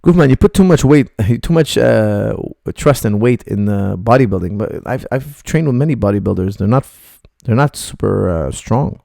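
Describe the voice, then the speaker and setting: A man's voice: on the low side, lively intonation, normal speed, creaky, few pauses, warm tone, no echo, studio quality. A middle-aged man, a martial arts coach, bluntly rambling through viewer questions on a live stream.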